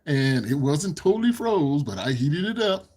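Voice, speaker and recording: A man's voice: a little high, big pitch swings, normal speed, darkish tone. A man hosting a casual livestream, chatting with his viewers, giggling often and rambling as he repeats himself into a desk microphone. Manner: giggly, laughs often between sentences. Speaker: livestream host.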